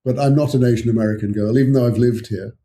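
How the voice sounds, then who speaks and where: A man's voice: mid-range voice, steady tone, fast, mellow, slight background noise. An older English man, an author guest, telling rambling anecdotes in casual chat with chuckling asides.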